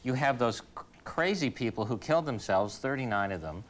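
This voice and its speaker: A man chatting as a talk show guest, telling comic stories in a halting, self-deprecating way, full of restarts. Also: mid-range voice, expressive. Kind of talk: comic storytelling chat. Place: television studio with live audience.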